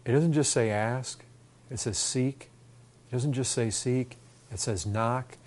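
A man's voice: medium pitch, slow pace, darkish tone. A man preaching a sermon, earnest and repetitive, building to fervent emphasis.

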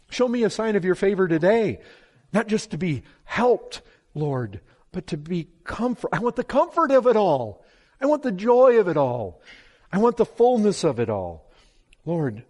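A man preaching a sermon with fervor, swinging from hushed pleading to loud, impassioned calls. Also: on the high side. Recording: long hall reverb.

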